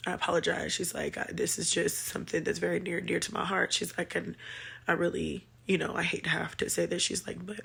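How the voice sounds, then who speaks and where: A woman vlogger telling a personal story to her viewers, halting with many pauses and fillers, shaken and emotional. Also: lowish voice, creaky, fairly bright tone, slightly rough.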